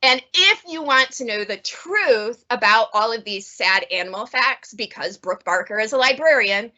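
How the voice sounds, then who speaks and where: A bright, forceful female voice with a slightly high pitch, talking casually as a librarian reviewing books. She is chatty and animated and laughs often. The sound is a bit dull and lo-fi. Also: moderate pace. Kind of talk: casual book review chat.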